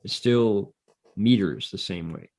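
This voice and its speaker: A man giving a Buddhist dharma talk, telling a story with animated delivery and leading mantra chants. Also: low-pitched, takes it slowly.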